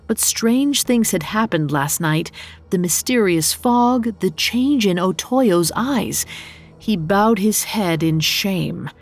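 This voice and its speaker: A woman narrating a story in a steady, measured reading voice. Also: medium pitch.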